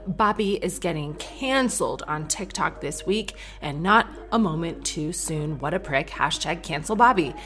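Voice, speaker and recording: A woman in her thirties hosting a podcast solo, rambling in casual chat and swearing freely. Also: on the low side. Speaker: podcast host.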